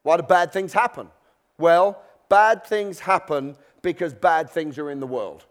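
High-voiced preacher, chatty sermon. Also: male voice, a little slow. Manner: conversational, acts out worried believers' voices. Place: church.

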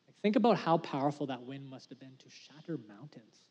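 A man preaching a sermon as pastor, earnest and conversational, dropping to a hush for emphasis. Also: a little high, expressive, moderate pace, long pauses, in a large hall, lo-fi sound. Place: church sanctuary.

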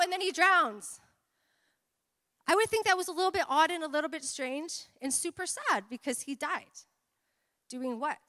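A woman's voice: sits high, a bit bright. A woman preaching a sermon, telling personal stories and drawing amens from the congregation. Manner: personal storytelling with call-and-response amens. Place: church hall. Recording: long hall reverb.

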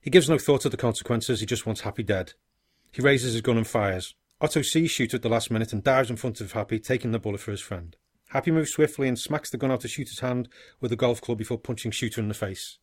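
Podcast co-host, man, steady narrator, dry booth sound. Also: mid-range voice, fast, no echo. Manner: steady storytelling, dry laughs, short agreeing replies. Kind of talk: casual chat, narrating a made-up story ending.

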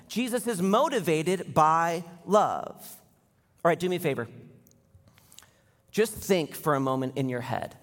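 Young male pastor, slightly higher voice, lively preaching that swells into emphatic peaks, hall reverb. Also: measured pace, long pauses. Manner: animated, rising to intense emphasis. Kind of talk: sermon. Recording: long reverb of a large hall.

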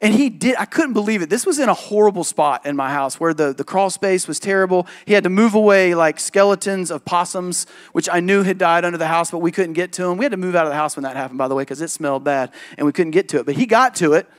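High-voiced man preaching a lively sermon. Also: fast, few pauses. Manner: animated storytelling, jumps into voices of others, emphatic. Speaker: pastor. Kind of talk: sermon with personal story.

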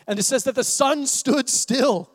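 A man preaching a sermon as pastor, animated and acting out the voices of Bible figures. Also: extremely high pitch, a little slow, in a large hall.

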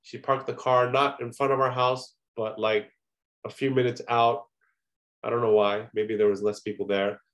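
A man's voice: medium pitch, little pitch movement, normal speed, fairly bright tone. A man giving a conversational sermon, earnest and personal, often adding "you know" as he talks. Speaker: preacher.

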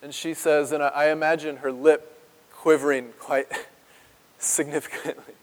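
A man preaching a sermon as pastor, earnest and emotional, with dramatic pauses and drops to a hush on key words. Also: on the high side, level tone. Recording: long reverb of a large hall.

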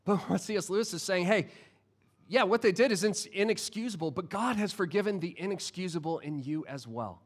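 Man, pastor, sermon, slightly high voice, chatty, humorous, frequent restarts. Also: animated, brisk.

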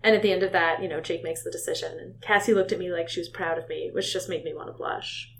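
A woman's voice: on the low side, fairly even intonation, quick pace, gravelly. Woman, podcast co-host, musing, laughs easily, off-mic, faint background noise. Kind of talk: casual book discussion. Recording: voice somewhat distant from the mic.

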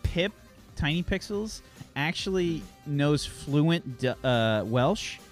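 A game master with a mid-pitched, very lively voice that swings up and down, explaining rules with plenty of ums and drifting into chatty stories. Faint music plays underneath. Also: slow pace. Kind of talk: running a tabletop game.

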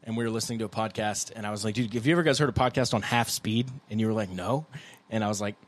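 A young man co-hosting a casual podcast, rambling in a laid-back way and breaking into loud goofy impressions. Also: on the low side, rapid-fire. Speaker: podcast co-host, guitarist. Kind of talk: casual chat.

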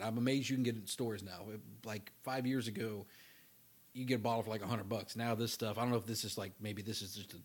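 A man's voice: fairly low pitch, slightly rough. A young man co-hosting a podcast, rambling and swearing casually between laughs. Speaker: podcast co-host. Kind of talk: casual chat.

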